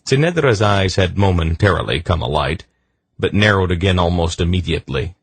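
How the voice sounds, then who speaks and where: Deep, husky male audiobook narrator. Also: expressive, brisk. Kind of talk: scripted narration.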